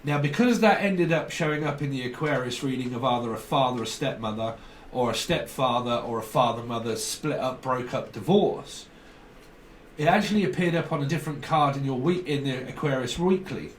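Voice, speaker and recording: A tarot reader gives a casual spoken reading in an echoey room, sitting back from the mic while a faint hum of background noise lingers. At an average male pitch and a brisk pace, he rambles loosely, free-associating from word to word, repeating himself and circling back.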